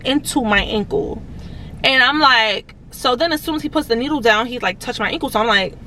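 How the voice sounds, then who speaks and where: Female vlogger, higher voice, loose and expressive storytime delivery, heavy cursing, faint traffic noise. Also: brisk, rough recording. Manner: animated, profanity-heavy, addresses viewers as y'all. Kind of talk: casual storytelling to viewers.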